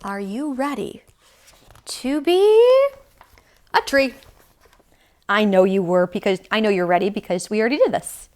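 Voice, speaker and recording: A woman's voice: mid-range voice, a little fast, darkish tone. A young woman teaching yoga to young children in a sing-song, encouraging way. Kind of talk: leading a kids' yoga class.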